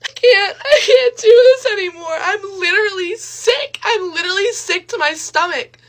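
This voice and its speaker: A woman's voice: very high-pitched, normal speed. A crying woman, distraught and wailing.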